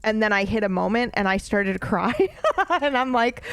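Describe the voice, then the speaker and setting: A young woman talks through a story game for her viewers, reading its text aloud between chatty, laughing asides. Her mid-pitched voice has a gravelly fry at the ends of phrases, and the sound is dry and close. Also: measured pace, no echo. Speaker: let's play streamer.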